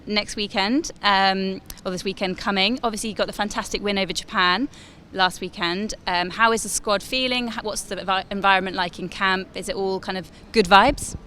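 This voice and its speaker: A woman's voice: mid-range voice, steady tone, moderate pace, pushed and bright, slight background noise. A woman interviewing a rugby player, asking friendly questions with some hesitations.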